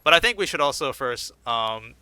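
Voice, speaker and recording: Very bright-voiced man on a podcast. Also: medium pitch, lively intonation, moderate pace, smooth, no room sound. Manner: laughing often, many restarts. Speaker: podcast host. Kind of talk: casual chat.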